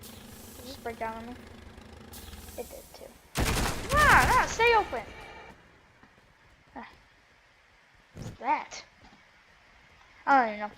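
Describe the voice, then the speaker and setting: A woman narrating her own gameplay in a casual, reactive way, muttering to herself between sudden excited outbursts. Her voice sits on the high side. Clear game noise runs underneath her. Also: slow, pauses often. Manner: reactive, talks to herself, bursts of excited yelling. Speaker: gameplay streamer.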